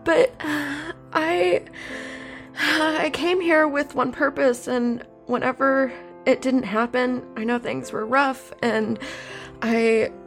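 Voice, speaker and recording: A woman playing a slow, gravelly, devoted adventurer. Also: sits high, steady tone, faint music behind. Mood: tender. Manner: halting, emotional confession. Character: devoted adventurer confessing love, halting.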